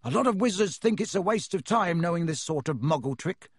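A man's voice: high-pitched, lively intonation, brisk, breathy edge, dry recording, studio quality, heavily acted. A man reading aloud and voicing a cocky, breezy teenage twin wizard in a lifted voice.

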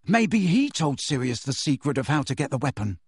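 A man reading aloud and voicing a worried teenage wizard boy who speaks in an uneasy, hushed way. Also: mid-range voice, big pitch swings, normal speed, husky, no echo, studio quality.

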